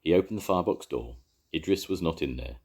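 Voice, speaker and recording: Deep-voiced grandad reading a story. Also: male voice, fast, slightly rough. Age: older. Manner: expressive reading. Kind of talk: children's story read aloud.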